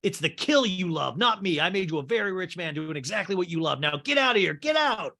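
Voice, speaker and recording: A man voicing a cold, angry male tycoon in a comedy podcast movie recap, scornful and yelling. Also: on the high side, fast talker.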